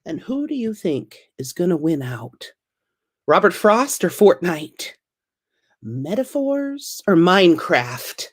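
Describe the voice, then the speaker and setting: A woman's voice: fairly low pitch, big pitch swings, slow. A woman in her thirties doing a stand-up comedy set, wry and self-deprecating, with punchy delivery.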